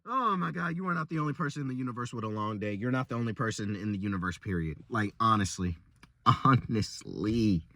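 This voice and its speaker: A young man venting about a rough day at work in a rambling, exasperated casual vlog rant, often stumbling and repeating himself. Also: mid-range voice, animated, rapid-fire, hardly any pauses, fairly bright tone, dry recording.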